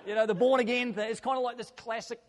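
A man's voice: very high voice, fairly even intonation, quick pace, slight background noise. A man preaching a sermon as a pastor, earnest and conversational, building his points through repeated phrases. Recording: long hall reverb.

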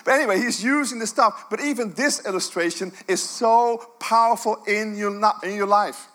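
A middle-aged male preacher with a high, bright voice. He tells his story with animated energy. He drops to hushed tones, then bursts out loud, swinging between quiet and big moments. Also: normal speed, hardly any pauses. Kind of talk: sermon.

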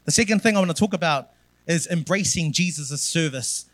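A man's voice: on the high side, fairly quick, a bit bright, no room sound. A man preaching a sermon as pastor, building emphatic repeated phrases.

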